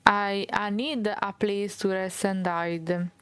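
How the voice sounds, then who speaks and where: A woman with an Italian accent reading a game's fairy tale aloud as a streamer, halting and restarting, with Italian asides. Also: mid-range voice, steady tone, fairly bright tone, smooth, dry recording. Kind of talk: reading game text aloud.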